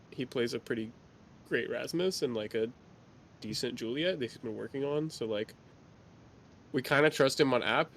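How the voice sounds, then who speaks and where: A man's voice: mid-range voice, vocal fry, fairly bright tone, a little hiss or hum. A man explaining his team's struggles to a coach in a casual, rambling way, full of "like" and restarts. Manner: rambling, hesitant, lots of "like". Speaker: team player. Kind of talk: casual team discussion.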